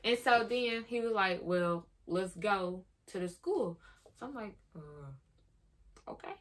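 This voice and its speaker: A woman's voice: mid-range voice, a little slow. A young woman vlogging in a chatty, casual way, retelling what happened and quoting herself as she goes. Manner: chatty, retells moments with "I'm like" quotes. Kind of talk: casual storytelling vlog.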